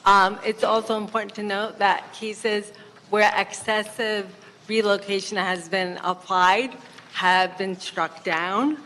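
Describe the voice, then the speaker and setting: A woman giving prepared public comment at a hearing, measured and reading her remarks. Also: medium pitch, fairly even intonation, a bit bright, slight background noise. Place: city council chamber. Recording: long echo with faint room ambience.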